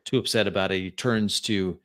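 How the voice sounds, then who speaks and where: Low-voiced man narrating a tabletop game. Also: fairly even intonation, brisk, a bit bright. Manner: loose, with frequent fillers and restarts. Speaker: game master.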